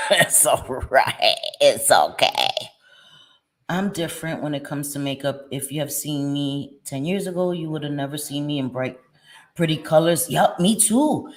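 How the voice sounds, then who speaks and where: A woman's voice: deep voice, darkish tone. Woman in her forties, beauty vlogger, chatty and playful, easy laughter. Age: 40s. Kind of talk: casual chat while doing makeup.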